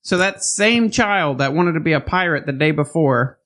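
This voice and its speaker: Man, podcast host, casual chat, joking, wisecracks, slightly high voice. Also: animated, moderate pace, a bit bright.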